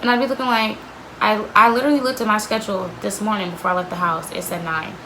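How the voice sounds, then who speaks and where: A woman's voice: medium pitch, fairly even intonation, fast talker, noisy background. A young woman vlogger telling a candid storytime about an old job, blunt and sweary, with lots of "like.". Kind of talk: storytime vlog.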